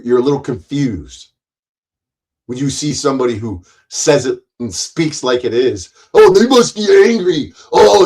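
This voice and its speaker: A man's voice: mid-range voice, low-quality recording. A man hosting a livestream, ranting at his chat in a profane, taunting, confrontational way. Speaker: livestream host.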